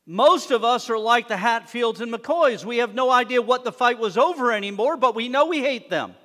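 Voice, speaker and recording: A man preaching a sermon to his congregation, animated, swinging between loud emphasis and hushed asides. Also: very high-pitched, moderate pace. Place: synagogue sanctuary. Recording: long reverb of a worship hall.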